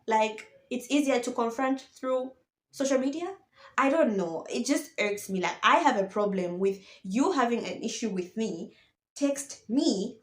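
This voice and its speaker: A woman ranting about football in a casual vlog, animated and exasperated, firing off rhetorical questions. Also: fairly high pitch, echoey room. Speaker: football vlogger. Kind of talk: opinionated casual monologue.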